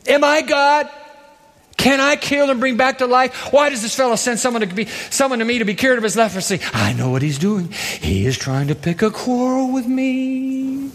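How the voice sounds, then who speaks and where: A man voicing a panicky, self-absorbed ancient king, with frantic, high-pitched exclamations. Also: expressive, moderate pace, fairly bright tone. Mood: panicked. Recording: long hall reverb.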